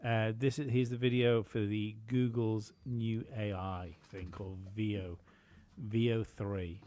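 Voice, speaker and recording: A man's voice: fairly low pitch, level tone, slow pace, mellow. A man co-hosting a podcast, chatting casually, rambling with many fillers and some swearing. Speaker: podcast co-host.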